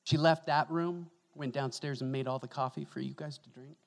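Animated male pastor preaching. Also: medium pitch, moderate pace, vocal fry. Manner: animated, conversational, joking with the congregation. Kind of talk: sermon. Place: church sanctuary. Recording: echoey church hall.

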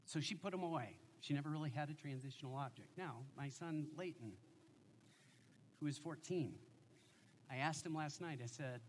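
Animated storytelling male pastor. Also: fairly high pitch, moderate pace, slight background noise. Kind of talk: sermon.

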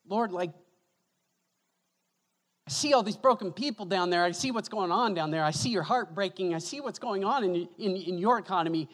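A man's voice: high voice, lively intonation, moderate pace, fairly bright tone, pitched above the performer's own voice. A man voicing Jesus as an earnest young man pleading with his Father, in an echoey church hall.

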